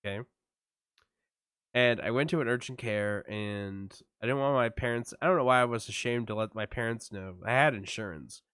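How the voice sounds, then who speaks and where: A podcast co-host with a medium-pitched, clean-toned voice speaks at a moderate pace, with no room sound and clean studio sound. In casual chat he delivers an animated story, acting out voices and cursing a lot, despite a mouth numb from dental work.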